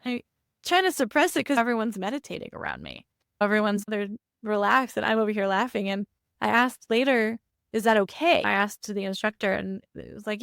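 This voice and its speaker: A woman's voice: medium pitch, big pitch swings, fast, creaky, a bit bright, clean tone, no room sound, studio quality. A woman in her thirties co-hosting a podcast, talking candidly and reflectively, with frequent laughs. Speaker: podcast co-host. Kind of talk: casual chat.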